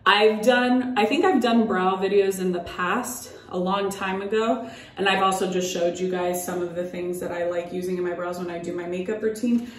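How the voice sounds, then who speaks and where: A woman's voice: on the low side, steady tone, moderate pace, reverberant. A young woman chatting through a makeup tutorial at home, a bit out of breath and full of fillers as she demonstrates. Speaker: beauty vlogger. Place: at home by a mirror.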